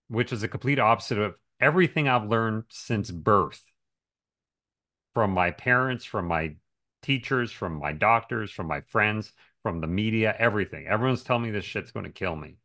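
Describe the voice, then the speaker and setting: A man's voice: fairly low pitch, expressive, normal speed, bright, forceful tone. A man in casual podcast conversation, talking emphatically and asking rhetorical questions. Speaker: podcast speaker on diet and health.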